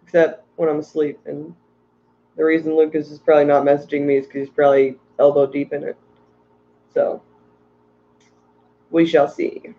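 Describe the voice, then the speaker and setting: A high-pitched man chats loosely on a livestream, drifting into playful rants and reading out viewer messages. He sounds worn out from too little sleep. The audio is a little dull and lo-fi. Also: monotone, moderate pace, pauses often, slight background noise. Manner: rambling, ranting, reads chat aloud. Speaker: aquarium fish livestream host. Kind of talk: casual livestream chat.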